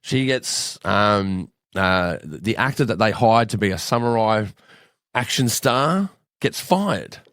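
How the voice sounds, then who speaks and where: An Australian man from Western Sydney, a podcast guest, telling animated, swearing stories in casual chat. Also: lowish voice, slow pace, no room sound, clean studio sound. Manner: animated storyteller, swears freely.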